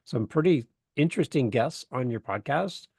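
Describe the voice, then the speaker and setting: A man's voice: medium pitch, moderate pace, gravelly, husky, no room sound, studio quality. A man from Canada, a guest on a podcast, chatting casually and telling stories with jokes. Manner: joking, animated storyteller. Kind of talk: casual interview chat.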